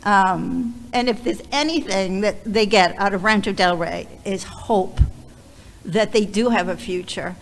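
A woman speaking as a visiting ministry leader in a heartfelt church talk, earnest and emotional, pausing often and restarting her sentences. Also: medium pitch, a little hiss or hum. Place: church sanctuary. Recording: reverberant hall, faint background ambience.

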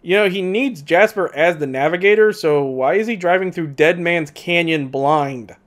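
A man's voice: fairly high pitch, normal speed. A man reviewing a movie in casual commentary, with a sarcastic, mocking manner.

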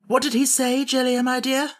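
Pompous straw king, played by a male narrator: raised, bright voice, grand and lecturing, storybook read. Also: very high-pitched, monotone, moderate pace, voice pushed up. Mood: haughty. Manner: grand, lecturing, easily flustered. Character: pompous straw-stuffed king, vain and touchy. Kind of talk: audiobook character voice.

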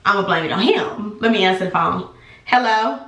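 A young adult woman telling an animated, sassy storytime to her viewers in a casual vlog. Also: medium pitch, brisk. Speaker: vlogger. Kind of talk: casual storytime chat to camera. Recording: echoey room.

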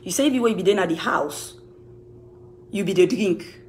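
A woman's voice: mid-range voice, normal speed, a little mellow, slight background noise. A woman with a Sierra Leonean Krio accent, a music manager answering accusations to camera in an accusing, emphatic, repetitive way. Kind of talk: heated rebuttal to camera.

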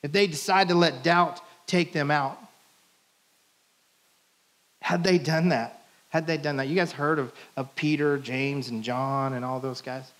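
A man preaching a sermon in a church sanctuary, in a relaxed and playful way as he acts out the quotes. His voice sits a little higher than most men's. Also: measured pace, long pauses. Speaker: pastor.

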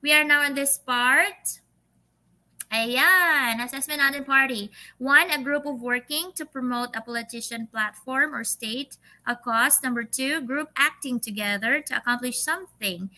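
A woman's voice: high-pitched, unhurried, sharp tone, rough recording. A Filipino woman teacher leading an online English lesson, reading quiz questions patiently and drawing her words out, with Tagalog fillers. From Philippines.

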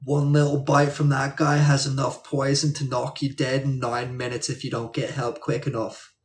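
A man putting on an excitable Aussie nature-show narrator. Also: mid-range voice, moderate pace, close to an everyday voice. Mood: warning. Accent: Australian, imitated. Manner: dramatic, warning tone. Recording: echoey room, distant mic.

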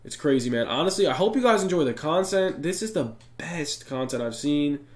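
A young man giving excitable, slang-heavy commentary on a basketball video game and talking straight to his viewers. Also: fairly high pitch, brisk. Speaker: gaming YouTuber. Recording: echoey room with faint music.

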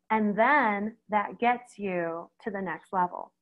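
A middle-aged woman, a veterinarian, giving a conversational webinar talk, lively and speaking straight to her audience. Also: medium pitch, takes it slowly, narrow, tinny audio. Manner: lively, acts out quoted reactions, addresses audience directly.

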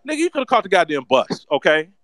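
A man's voice: sits high, big pitch swings, quick pace, a bit bright, dry recording. A man giving a profane, ranting commentary, heated and mocking, heavy on slang and cursing. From San Francisco Bay Area. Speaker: political commentator.

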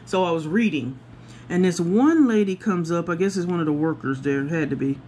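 A woman chatting to viewers about her day while she works on a craft project, animated and talking straight to the camera. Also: fairly quick, slight background noise. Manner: acts out other people's voices with big pitch jumps. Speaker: craft vlogger. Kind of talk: casual storytelling while crafting.

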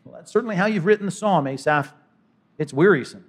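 A man preaching a sermon as pastor, swinging from loud to hushed and voicing imagined speakers. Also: high-pitched, lively intonation, fast, husky. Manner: dynamic preaching, voices imagined speakers, sudden drops to quiet.

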